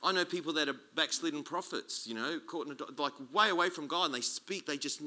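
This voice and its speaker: A man preaching a sermon as a guest speaker, chatty and animated, joking and restarting his sentences. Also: on the high side, a little fast. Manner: animated, conversational, jokey preaching with many restarts.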